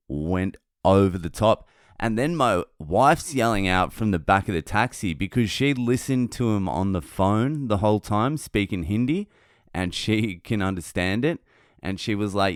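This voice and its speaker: A man's voice: deep voice, smooth, no echo. A male comedian hosting a podcast, telling a blunt, heavily sweary story into a close mic. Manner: blunt, heavy swearing, animated. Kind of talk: profane storytelling monologue.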